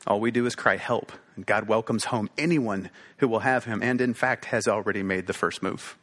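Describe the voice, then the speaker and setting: A man's voice: fairly low pitch, moderate pace, fairly bright tone. A man preaching a sermon, earnest and emphatic, repeating phrases for stress. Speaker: pastor.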